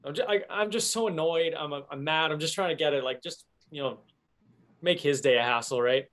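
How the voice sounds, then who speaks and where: A young man hosting a casual chat, telling an animated story and laughing at it. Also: a little high, brisk. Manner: animated storyteller, laughs at his own stories.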